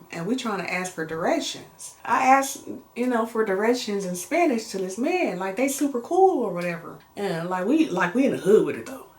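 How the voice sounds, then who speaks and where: A young American woman chatting casually in a get-to-know-me vlog, animated and slangy, laughing as she tells stories. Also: mid-range voice. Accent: American English. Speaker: vlogger. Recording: roomy echo.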